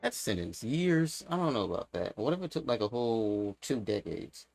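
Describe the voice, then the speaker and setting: A man's voice: medium pitch, moderate pace, creaky, dry recording. A man hosting a gaming channel, joking and talking back to characters while he plays. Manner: animated, joking, talks back to the game. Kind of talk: casual let's-play commentary. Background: game music.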